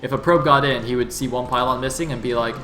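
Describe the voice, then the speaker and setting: A man casting a live game, excitable and jokey, getting loud at big plays. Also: medium pitch, fast, faint music behind. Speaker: esports caster.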